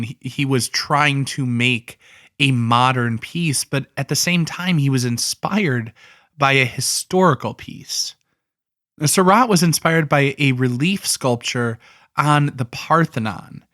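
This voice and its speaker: Male art explainer with a slightly high voice; casual, thinks aloud, dry close recording. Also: fairly bright tone, no echo. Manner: conversational, thinking aloud with asides. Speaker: art educator.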